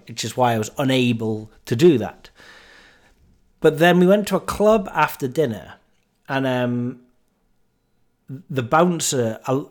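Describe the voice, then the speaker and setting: A man in his forties hosting a podcast, telling a story about a night out in a casual, self-mocking way. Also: mid-range voice. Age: 40s. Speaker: podcast host.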